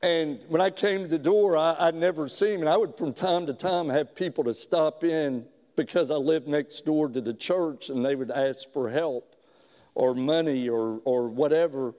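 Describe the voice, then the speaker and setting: A man preaching a sermon as a pastor, telling a story slowly with frequent halting restarts. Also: fairly high pitch, dark tone, muffled recording. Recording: long hall reverb.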